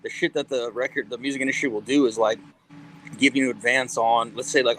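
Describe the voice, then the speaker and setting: A man's voice: mid-range voice, steady tone, quick pace, a bit bright, slight background noise, rough recording. A man guest on an interview show who tells long stories in a casual, rambling way. He swears a lot, leans on fillers, and acts out quoted dialogue. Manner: rambling, profane, full of "like" fillers. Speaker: guest, cannabis company CEO and musician.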